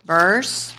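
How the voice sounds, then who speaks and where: A woman preacher giving a sermon in a conversational, animated way, asking the congregation questions. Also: slight background noise. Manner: conversational, animated, quizzes the audience.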